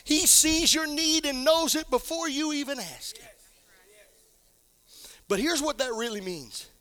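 A male pastor delivering a sermon in a high, bright, ringing voice. He sinks into quiet, low passages, then climbs back up to fervent shouts. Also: animated, unhurried. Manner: preacher building to shouted exclamations; drops to a low hush for emphasis.

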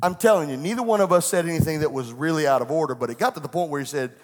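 High-voiced preacher in an echoey hall. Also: male voice, very fast. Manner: storytelling, rising to fervent preaching. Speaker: pastor. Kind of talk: sermon. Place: church sanctuary.

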